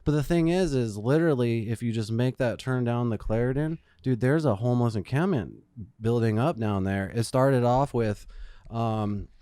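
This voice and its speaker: A man's voice: medium pitch, moderate pace, dark tone, clean tone, no room sound, clean studio sound. A man co-hosting a podcast, telling rambling, profane stories in casual chat. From Phoenix, Arizona. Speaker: podcast co-host.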